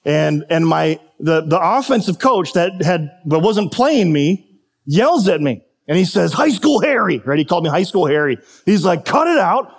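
A man's voice: on the high side, lively intonation, moderate pace. A pastor telling a personal football story in a sermon, and he acts out his coaches when he quotes them.

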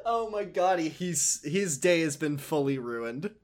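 A man casually recapping a video game plot with a co-host, excitable and often laughing. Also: fairly high pitch, a little slow. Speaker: podcast co-host.

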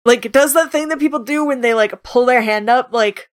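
A woman's voice: fairly high pitch, normal speed. A woman chatting casually while planning a role-play scene, swearing freely and filling with "like". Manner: profane, laughing, lots of "like". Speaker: tabletop role-play player.

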